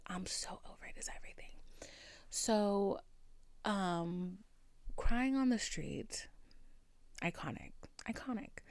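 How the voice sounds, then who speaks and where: A woman in her twenties telling a story to camera in a casual vlog, swearing freely and swinging between hushed near-whispers and loud outbursts. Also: fairly low pitch, dry recording. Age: 20s. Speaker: vlogger.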